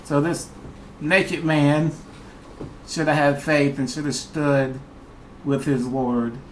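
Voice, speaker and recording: A man gives a short devotional in a slow, unhurried delivery. His voice sits a little on the high side, and his manner is earnest and folksy. Faint noise hums under the recording. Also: little pitch movement. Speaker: youth pastor.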